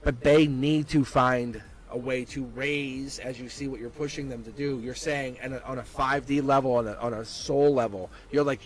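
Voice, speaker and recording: Blunt, animated male tarot reader. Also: mid-range voice, moderate pace, few pauses, rough recording. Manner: blunt, animated, laughs often, acts out quoted lines. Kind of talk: live tarot reading stream.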